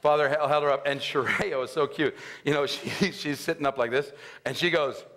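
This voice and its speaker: A middle-aged man giving an animated storytelling talk at a faith event, acting out scenes with loud outbursts. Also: fairly high pitch, fairly quick. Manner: animated, acts out scenes with loud shouts and laughs.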